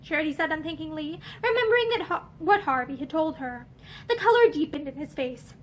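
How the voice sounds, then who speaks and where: Woman, reading a novel aloud, expressive narration, high voice, lively swinging intonation. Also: fairly quick, a little hiss or hum. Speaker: audiobook reader.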